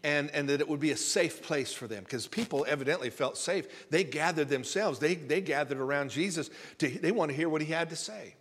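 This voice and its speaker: A man's voice: fairly high pitch, a little fast, few pauses, a bit bright. A male pastor giving a conversational sermon, folksy and rambling, often repeating words as he builds emphasis. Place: church sanctuary. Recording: reverberant hall sound.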